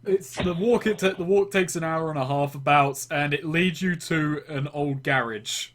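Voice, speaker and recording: Man, game master, slightly high voice, casual tabletop narration, joking delivery. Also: moderate pace, a bit bright, slight background noise.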